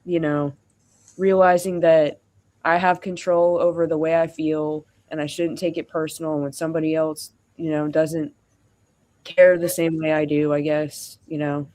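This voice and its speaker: A streamer tells a long personal story in a loose, rambling way, full of "like" and "you know." The voice sits at an ordinary mid pitch and jumps between narration and acted-out quotes of both sides of the exchange. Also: little pitch movement, moderate pace, darkish tone. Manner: rambling, acts out quoted dialogue, frequent fillers. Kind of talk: venting casual storytelling.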